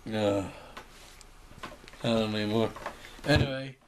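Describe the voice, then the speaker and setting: A young man with a fairly low voice speaks a little slowly to his camera as a vlogger, rambling, joking, and performing imagined dialogues. Some faint background noise can be heard.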